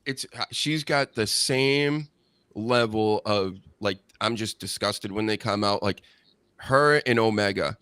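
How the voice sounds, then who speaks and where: A man hosting a casual wrestling podcast, animated and sarcastic, mocking people in high put-on voices. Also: measured pace, clear, resonant tone, no room sound. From Boston area. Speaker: podcast host.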